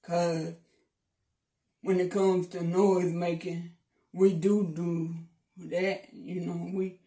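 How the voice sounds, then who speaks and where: A man's voice: sits high, little pitch movement, slow pace, dark tone, far from the mic. Goofy guy clowning in a casual vlog, says stuff twice, roomy echo. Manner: playful, repeats himself, teasing. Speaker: vlogger. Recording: echoey room.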